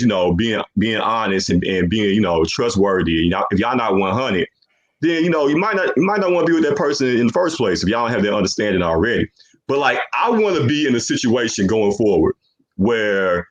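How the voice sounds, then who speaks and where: A young man hosting a podcast, talking in a loose, rambling way and filling his sentences with "you know what I'm saying". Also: on the low side. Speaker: podcast host. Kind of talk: casual chat.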